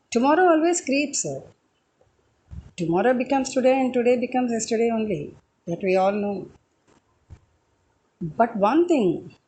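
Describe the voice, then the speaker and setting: A woman giving a reflective spoken talk, hesitant and pausing often on filler sounds. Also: medium pitch, mellow, slight background noise, poor audio. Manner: hesitant, with frequent filler pauses. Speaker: speaker giving a short talk.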